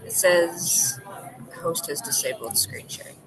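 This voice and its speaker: A woman's voice: on the low side, unhurried, crowd noise, poor audio. A woman student on a remote call, politely asking short questions about an error in class.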